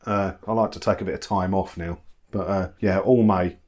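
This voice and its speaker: A man's voice: deep voice, fairly even intonation, moderate pace, a little mellow. A middle-aged man chatting casually from his kitchen, answering viewer comments with self-mocking humour and frequent laughs. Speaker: YouTube channel host. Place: kitchen at home.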